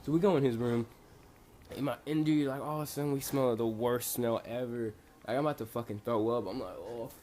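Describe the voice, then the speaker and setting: A man's voice: mid-range voice, fairly even intonation, brisk, mellow, a little hiss or hum. Laid-back young man rambling through a story. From Bosnia. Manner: laid-back, rambling, profane, lots of fillers. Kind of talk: casual story vlog.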